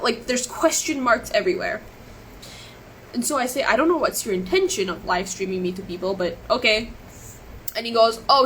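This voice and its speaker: Her voice sits a little high with a fairly bright tone, and the poor audio carries a little hiss or hum. She is an upset, emotional woman telling what happened on a live stream through a webcam or phone, rambling, repeating herself, and restarting.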